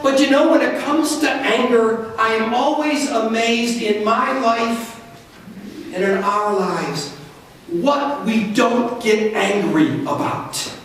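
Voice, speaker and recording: A man pastor preaching a sermon, telling stories with lively swings in pitch and loudness. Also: slow, a little hiss or hum. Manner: animated storytelling with wide swings in pitch and loudness. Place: church sanctuary. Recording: very echoey church, from far off.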